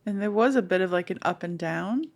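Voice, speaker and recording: A woman's voice: fairly low pitch, brisk. A woman hosting a casual podcast conversation, encouraging her guest and laughing often.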